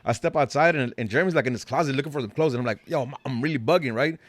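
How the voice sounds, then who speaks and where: A man's voice: mid-range voice, very fast, no room sound. A man hosting a casual podcast, laid-back and joking, swearing freely. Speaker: podcast host.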